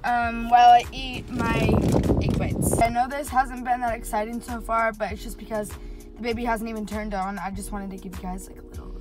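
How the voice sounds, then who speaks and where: A woman's voice: on the high side, level tone, normal speed, loud music behind the voice. A teenage girl vlogging from her car into a phone camera. She rambles in a casual, chatty way with lots of "like.". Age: teens. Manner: chatty, rambling, full of filler "like". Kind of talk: casual vlog chat. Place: inside a car.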